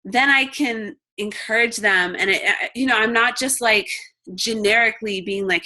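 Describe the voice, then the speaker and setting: Young woman w/ a bright voice, chatty upbeat coaching talk, acts out little convos. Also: a little high, moderate pace. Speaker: fitness coach mentor.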